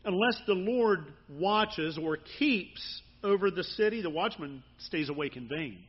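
Husky, high-voiced man preaching. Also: expressive, unhurried, dull audio. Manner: earnest, conversational preaching with rising emphasis. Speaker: pastor. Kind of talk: sermon.

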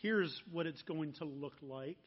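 High-pitched guy preaching slow and earnest, kinda dull lo-fi sound. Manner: earnest, slowing down and dropping soft on key phrases. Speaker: pastor. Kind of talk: sermon.

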